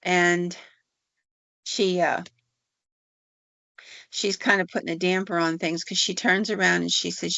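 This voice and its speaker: A woman hosting a podcast who tells folk tales in a folksy, conversational way. Her voice is low and gravelly. The recording sounds dry and a bit dull. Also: level tone, a little slow, pauses often, bright, forceful tone, no echo. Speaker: podcast host. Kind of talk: folklore storytelling. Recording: dull lo-fi audio.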